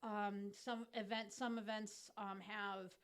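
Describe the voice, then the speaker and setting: A woman co-hosting a casual podcast chat, explaining things at length with many pauses and fillers. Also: mid-range voice, little pitch movement, smooth. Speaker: podcast co-host.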